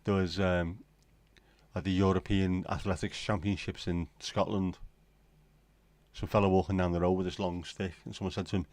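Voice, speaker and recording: On a late-night livestream, a middle-aged man from the UK muses loosely to himself and his audience with an offhand, wry manner, rambling as he goes. His low, darkish voice shows little pitch movement and runs at normal speed. The sound is dry and close, with little room around it and no echo.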